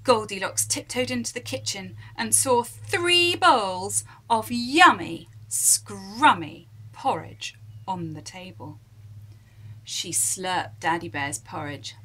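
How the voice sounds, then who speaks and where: A woman reading a children's story aloud, expressive and dropping at times to a whisper. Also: on the low side, takes it slowly, slight background noise, poor audio.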